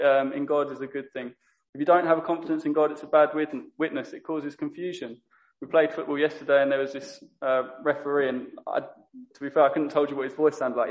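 Earnest flat-voiced man preaching. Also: on the high side, highs cut off. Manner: earnest, self-correcting. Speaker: lay preacher. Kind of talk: sermon.

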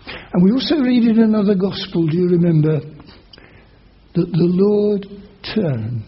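Guy preaching a sermon, fairly high voice, storytelling style, dull muffled recording. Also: slight background noise. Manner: dramatic storytelling, rising loud for quoted oaths.

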